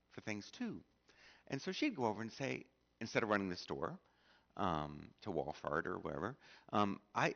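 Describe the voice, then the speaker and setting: A man's voice: fairly low pitch, vocal fry, fairly bright tone, highs cut off. A middle-aged man preaching a sermon in a church, telling stories with lots of fillers and restarts and acting out what people said. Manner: storytelling, acts out quoted speech with many fillers and restarts. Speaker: pastor. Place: church sanctuary.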